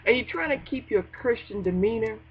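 A woman hosting a casual gospel internet radio show, animated and joking, laughing often between lines. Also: a little high, fairly quick, breathy edge. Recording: dull lo-fi home recording with faint noise.

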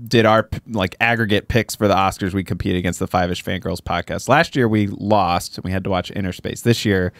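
A lower-pitched man hosts a relaxed podcast chat, rambling through explanations and laughing often. His voice sits close to the mic in a dry, dead room. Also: brisk, vocal fry, few pauses, dry recording. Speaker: podcast host.

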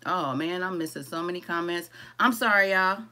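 A woman with a lowish voice, speaking at normal speed, hosts a live crochet-along tutorial. Casual and chatty, she greets viewers by name, reads their comments aloud while she works, and calls everyone "y'all."

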